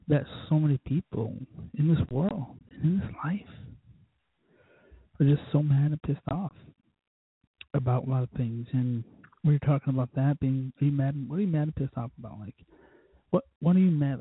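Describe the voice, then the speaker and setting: A man tears into politics on his own show, swearing constantly. His voice sits a little high and husky. The sound is dry and thin, like a phone line. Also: moderate pace, long pauses, no echo. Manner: heated, cursing, mocks others in put-on voices. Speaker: show host. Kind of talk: profane political rant.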